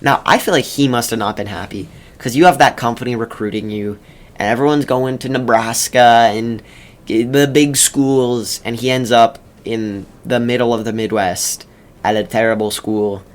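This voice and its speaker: A young man talks casually while he plays a game, drifting between commentary and a story. His pitch sits in an ordinary middle range, and his delivery is loose and wry. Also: fairly even intonation, moderate pace. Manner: rambling and wry, many ums and self-corrections. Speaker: video creator.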